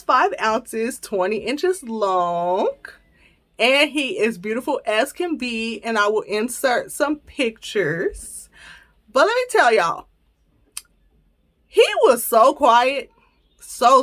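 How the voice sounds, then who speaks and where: A woman, hosting a podcast and telling a personal story to her listeners in a casual, animated way, laughing as she goes and acting out her own quoted lines. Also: fairly high pitch. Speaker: podcast host.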